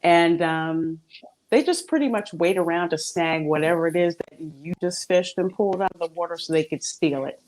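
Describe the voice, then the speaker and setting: Female livestream host, low-leaning voice, casual, laughs often. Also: moderate pace, a little mellow. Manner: laughs often, chatty and informal. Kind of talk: casual chat.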